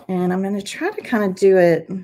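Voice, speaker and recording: A woman's voice: mid-range voice, expressive, fairly quick, dark tone. A woman hosting a live craft stream, chatting as she demonstrates each step. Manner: chatty, encouraging, talks viewers through each step. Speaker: craft channel host.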